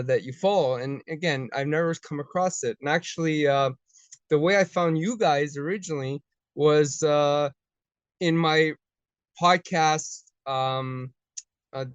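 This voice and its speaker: A man's voice: a little high, clean tone, no echo. A man appearing as a podcast guest, talking in a chatty, enthusiastic way. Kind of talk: casual chat.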